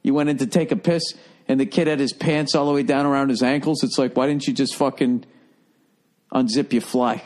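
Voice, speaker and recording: A man's voice: medium pitch, fairly even intonation, a little fast, darkish tone. A man hosting a comedy podcast, telling a rambling, profane story in a casual monologue. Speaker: podcast host.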